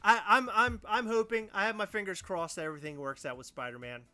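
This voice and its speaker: A man's voice: high voice, fairly even intonation, fast talker, sharp tone, smooth, faint music behind. A man co-hosting a casual livestream podcast, joking around in a goofy, over-the-top way. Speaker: podcast co-host.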